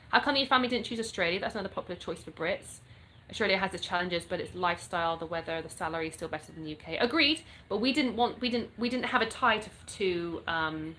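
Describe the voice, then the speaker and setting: Chatting casually from home in North Florida, a content creator in her thirties reads out viewer comments and answers them bluntly. Born in the US and raised in England, she has a mixed English accent and a fairly low, pushed, bright voice. There's slight background noise on a low-quality recording.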